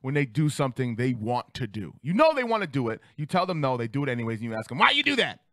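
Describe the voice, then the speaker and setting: A man in his thirties spins a story on a talk show, his voice leaping high and dropping low as he acts out each voice. The sound is dry and close, with no room around it. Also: fast, no echo. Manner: animated, acts out quotes with big pitch jumps. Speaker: podcast host. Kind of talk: casual storytelling. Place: studio.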